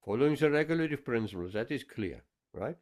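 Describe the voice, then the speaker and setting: A man's voice: medium pitch, expressive, fast, darkish tone. A man giving a scripture class, explaining verses with emphatic repetition. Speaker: spiritual teacher.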